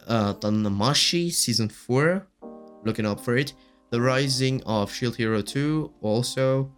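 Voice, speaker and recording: A man's voice: lowish voice, fairly bright tone. A man hosting a casual solo podcast, gushing and rambling with lots of fillers while his voice keeps cracking. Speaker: podcast host.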